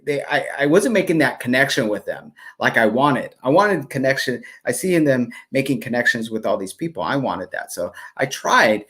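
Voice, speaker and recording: A man's voice: medium pitch, very animated, normal speed, few pauses, fairly bright tone. A man co-hosting a live devotional stream, telling a travel story hesitantly with many fillers and restarts. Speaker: co-host. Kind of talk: casual storytelling.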